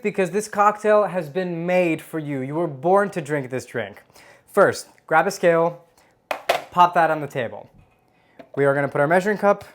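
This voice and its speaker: A host giving a casual home cocktail tutorial, chatty and playful, joking at their own expense and humming as they taste. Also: medium pitch. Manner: savors tastes aloud with hums.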